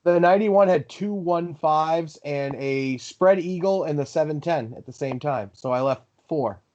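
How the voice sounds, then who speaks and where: A man's voice: fairly high pitch, measured pace, a little mellow, dull audio, a little hiss or hum. A man co-hosting a podcast, teasing his friend and laughing easily in casual chat. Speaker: podcast co-host.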